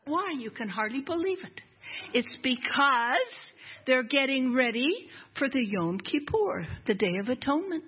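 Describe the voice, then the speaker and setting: Older lady preaching, fired up and emphatic, husky voice, tinny lo-fi sound. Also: a little high. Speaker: guest speaker at a congregation. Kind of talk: sermon. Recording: lo-fi, phone-like sound.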